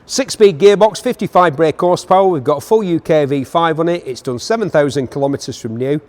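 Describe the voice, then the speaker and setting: A man's voice: a little high, fairly quick, a little mellow. A man with an enthusiastic, joking manner, presenting motorcycles for an auction preview and making asides to his cameraman.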